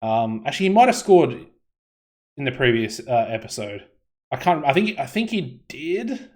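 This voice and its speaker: An Australian man talks through his football management save in a loose, rambling way, full of "um"s and restarts. His voice sits at an ordinary middle pitch, relaxed and conversational into a desk mic. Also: normal speed. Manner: rambling, hesitant, many fillers and restarts. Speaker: game commentator. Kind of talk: casual gameplay commentary.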